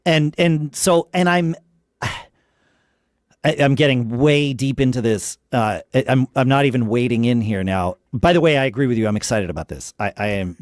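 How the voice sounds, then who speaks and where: A man's voice: medium pitch, expressive, normal speed, no echo, clean studio sound. A man hosting a casual podcast conversation, thinking aloud with frequent restarts and tangents. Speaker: podcast host.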